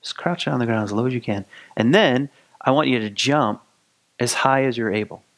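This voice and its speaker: A man's voice: mid-range voice, brisk, a bit bright, close to an everyday voice. A man voicing a wise male frog healer in a spoken story, patient and instructive.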